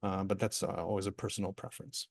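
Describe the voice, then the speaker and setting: Relaxed male workshop facilitator, dry sound. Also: deep voice, quick pace, gravelly, breathy edge, no room sound. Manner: relaxed, rambling, many fillers and restarts. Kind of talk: answering questions in a live online workshop. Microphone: video call.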